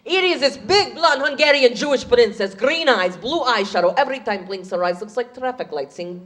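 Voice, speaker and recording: A brash woman in her thirties telling stories on a stand-up stage. Her voice sits a little high, and she delivers everything with animated, punchy timing. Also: a little fast, few pauses. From USA. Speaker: stand-up comedian. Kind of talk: stand-up comedy.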